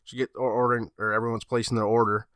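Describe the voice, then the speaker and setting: A man's voice: mid-range voice, little pitch movement, rapid-fire, fairly bright tone, dry recording, studio quality. A man on a gaming podcast, telling a story in casual chat and swearing freely. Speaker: podcast co-host.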